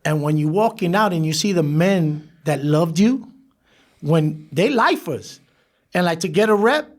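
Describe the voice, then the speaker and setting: Gravelly-voiced man telling prison stories. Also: sits high, moderate pace. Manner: animated, laughs through stories, acts out quoted voices. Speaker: podcast guest. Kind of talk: storytelling interview.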